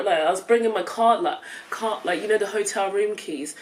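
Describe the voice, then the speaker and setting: A woman's voice: medium pitch, brisk, distant mic, rough recording. A young woman with an English accent, chatting casually to camera for her vlog, loose and full of fillers, laughing often. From England. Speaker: vlogger. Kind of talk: casual chat while eating.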